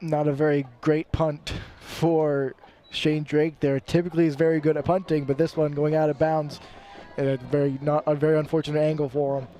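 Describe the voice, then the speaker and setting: A man's voice: fairly high pitch, little pitch movement, normal speed, warm tone. A man giving casual color commentary on a live college football game, often repeating words as he talks. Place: outdoor football stadium broadcast booth.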